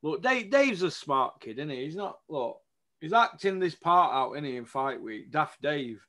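A man's voice: a little high, normal speed. A man, ranting bluntly about boxing to camera and keeps asking for agreement. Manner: blunt, animated, asks for agreement. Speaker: boxing vlogger. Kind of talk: casual opinion rant to camera.

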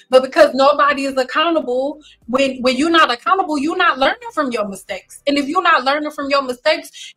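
Blunt, bright-voiced woman hairstylist. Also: high-pitched, rough recording. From Detroit. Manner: blunt, intense, joking. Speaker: hairstylist host. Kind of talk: livestream chat.

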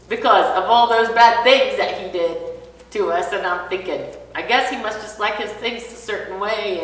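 Woman, bright tone, animated storytelling, acts out dialogue, far from mic, echoey church room. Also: medium pitch, a little hiss or hum. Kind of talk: casual personal story. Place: church classroom.

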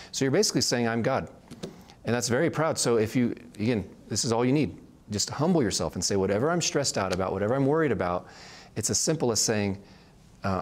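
A man's voice: medium pitch, lively intonation, fast. A man teaching a casual Bible study, talking conversationally and often checking in with "right?". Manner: conversational, frequent "right?" check-ins, restarts.

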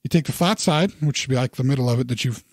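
A man in his thirties, co-hosting a podcast in casual chat, rambling and animated with self-deprecating humor. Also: medium pitch, quick pace, husky, no echo, studio quality. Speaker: podcast co-host.

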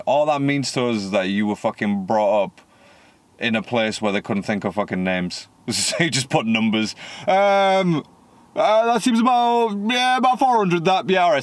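A man's voice: mid-range voice, no echo. A young British man hosting a music reaction, talking bluntly and mockingly and swearing a lot in casual commentary. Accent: British English. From United Kingdom.

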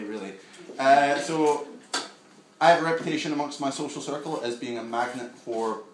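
A young man doing a live stand-up set in a small basement venue, wry and self-deprecating, bantering with the front row. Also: medium pitch. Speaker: stand-up comedian. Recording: echoey room with audience noise. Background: audience ambience and laughter.

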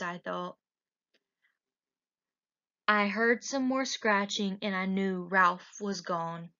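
A woman teacher reading a picture book aloud in a slow, expressive way. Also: mid-range voice. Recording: dull lo-fi recording.

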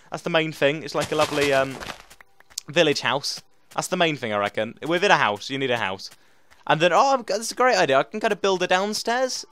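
Chatty young gamer, excitable. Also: male voice, fairly high pitch. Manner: chatty, excitable, rambling with fillers. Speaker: gaming host. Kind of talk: casual let's play commentary.

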